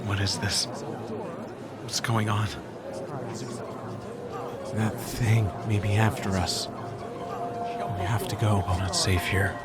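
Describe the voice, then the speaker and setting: A man's voice: fairly low pitch, flat delivery, slow, long pauses. An actor playing a frightened man trapped and urgently looking for a way out. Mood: tense. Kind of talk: dramatic scene dialogue. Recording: loud music score behind.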